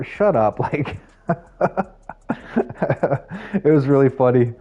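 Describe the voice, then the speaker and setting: A young man live streaming and chatting casually with viewers, rambling, laughing at himself and jumping into high voices for quotes. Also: animated, very slow, long pauses, breathy edge, dull audio. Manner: rambling, self-mocking, laughs often, jumps pitch for quoted voices.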